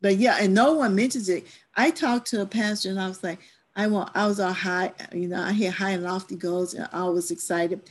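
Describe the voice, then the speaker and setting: A woman's voice: medium pitch, fairly even intonation, brisk. A woman who leads church stewardship, talking earnestly and emphatically in a church discussion class.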